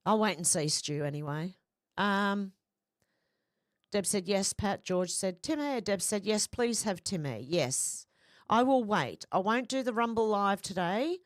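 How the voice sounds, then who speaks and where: A chatty woman hosts a live chat and talks in a loose, rambling way. She has a medium pitch, and the recording is dry and close. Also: expressive, unhurried, no echo. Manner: chatty, rambling, laughs easily. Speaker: livestream host reading viewer comments.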